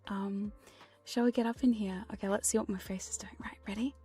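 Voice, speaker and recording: A woman whispering softly through a whispered ASMR stream chat, her tone mellow and warm. She teases her listeners playfully and drops casual curses, close on a binaural mic with faint music behind. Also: mid-range voice, fairly even intonation, quick pace, slightly rough. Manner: playful, teasing, swears casually. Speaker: VTuber streamer. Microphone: binaural dummy-head microphone.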